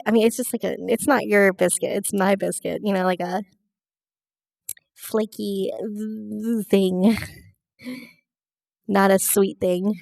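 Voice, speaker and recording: A woman's voice: mid-range voice, vocal fry, a little mellow, dry recording, clean studio sound. A woman game streamer chatting casually with her viewers, giggly and friendly, reading out chat messages. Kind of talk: casual let's-play chat.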